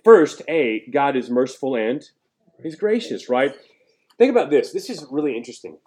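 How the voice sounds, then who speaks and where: A man preaching a sermon as pastor, emphatic, tossing questions to the congregation and climbing in pitch and volume on key points. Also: expressive, moderate pace, a little mellow.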